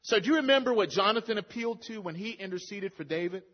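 A man's voice: sits high, expressive, fast talker. A man preaching a sermon to a congregation, quoting scripture in a conversational way that builds to emphatic peaks. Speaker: pastor. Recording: lo-fi recording with long hall reverb.

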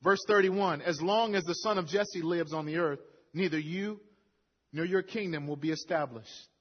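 A man's voice: a little high, normal speed, husky. A man preaching a sermon to a congregation, quoting scripture in a conversational way that builds to emphatic peaks. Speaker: pastor. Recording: lo-fi recording with long hall reverb.

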